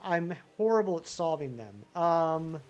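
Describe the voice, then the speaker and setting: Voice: mid-range voice, expressive, a little slow, a little mellow, highs cut off. Chatty streamer rambling to chat. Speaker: live-streaming gamer. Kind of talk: casual live-stream chat with viewers.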